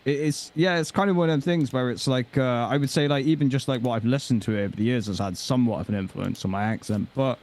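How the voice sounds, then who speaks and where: Man, from Dorset, casual chat, hesitant, fillers, mid pitch. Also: fast talker, few pauses, darkish tone. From Dorset, England. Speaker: guest.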